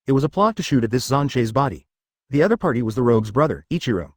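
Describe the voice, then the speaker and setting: A man narrating a web novel in a rapid, rambling reading style. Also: mid-range voice, darkish tone, no echo, studio quality.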